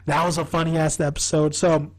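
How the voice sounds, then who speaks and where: A man giving a casual, rambling fan review of a TV comedy. He gets excitable, laughs often and swears freely. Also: a little high, fairly quick, poor audio. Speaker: TV show reviewer.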